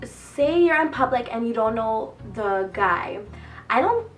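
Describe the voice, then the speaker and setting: Animated young woman vlogger, slightly off-mic. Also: on the high side, measured pace, distant mic. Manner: animated, profane, acts out quoted voices. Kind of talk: casual storytelling to camera. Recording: voice a bit off-mic with faint music.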